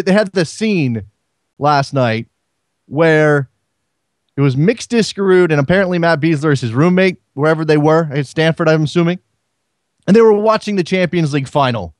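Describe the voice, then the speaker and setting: A man's voice: a little high, dry recording, studio quality. A man hosting a casual sports call-in radio show, talking off the cuff and often repeating words as he thinks aloud.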